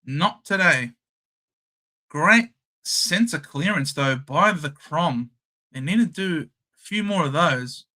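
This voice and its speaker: A young Australian man hosting a casual live watchalong, calling the game and chatting with viewers, shouting at the big plays. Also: on the high side, expressive, slow. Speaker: live stream host.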